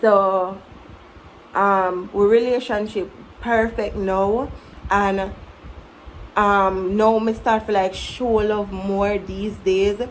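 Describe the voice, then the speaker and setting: A woman in her twenties with a Jamaican accent, talking candidly to camera about growing up, with animated storytelling. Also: mid-range voice, slow pace, slight background noise, poor audio. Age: 20s. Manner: candid, animated, breaks into mimicking her younger self. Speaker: vlogger. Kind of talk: casual reflective storytelling to camera.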